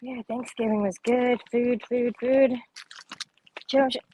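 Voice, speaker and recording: A young woman talks loosely on a livestream, answering viewer comments between frequent laughs and casual swearing. Her voice sits a little high, and a faint hiss of background noise runs under it. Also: steady tone, takes it slowly, warm tone, rough recording. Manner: laughs often, swears casually, rambling with fillers.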